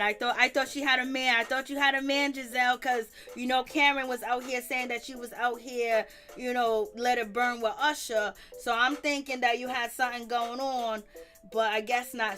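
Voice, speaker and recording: A woman with a notably high voice hosts a casual gossip live stream, sassy and sarcastic as she calls out viewers by name. Faint music plays quietly behind her. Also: fairly even intonation, a little slow.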